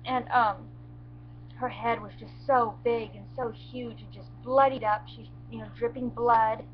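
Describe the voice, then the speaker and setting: A woman telling how she rescued her injured baby goat, in a halting, emotional way with many restarts and near tears. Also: fairly high pitch, fairly even intonation, dull audio, slight background noise. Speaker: goat owner telling what happened. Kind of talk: emotional first-person storytelling.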